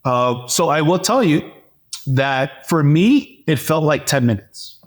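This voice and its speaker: A man as an interview guest, telling a personal story in a lively, animated way, with frequent fillers and restarts. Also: fairly high pitch, slow pace. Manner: animated storyteller, acts out dialogue. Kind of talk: personal testimony in conversation.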